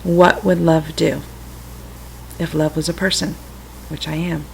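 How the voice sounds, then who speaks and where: Middle-aged lady chatting softly into her webcam at home, reflective, laughs at herself now and then. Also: low voice, flat delivery, unhurried, gravelly, slight background noise, low-quality recording. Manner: gentle, reflective, with self-amused asides. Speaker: vlogger sharing personal stories. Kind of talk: casual spiritual talk to camera. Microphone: computer webcam mic.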